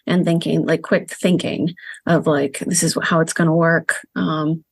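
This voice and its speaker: Female professor guest, low-pitched, hesitant but analytic, dry mic. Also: little pitch movement, unhurried, gravelly, breathy edge, no room sound. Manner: hesitant, many fillers like "um" and "like". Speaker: guest media studies professor. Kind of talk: casual analytic chat.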